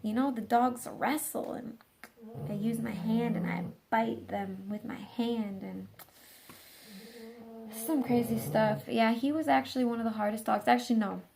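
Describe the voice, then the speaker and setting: Gravelly-voiced woman telling a dog story. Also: a little high, unhurried, crowd noise. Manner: rambling, animated, full of fillers and restarts. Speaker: dog trainer. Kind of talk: casual storytelling vlog.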